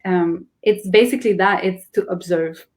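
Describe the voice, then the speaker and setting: A woman's voice: lowish voice, fairly even intonation, normal speed. A woman, a guest in a casual conversation, explaining earnestly with many restarts.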